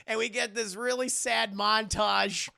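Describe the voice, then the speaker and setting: A man recapping a movie for his stream chat in a comedic, profane, animated way. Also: high voice, measured pace, creaky. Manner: animated, profane, laughing asides.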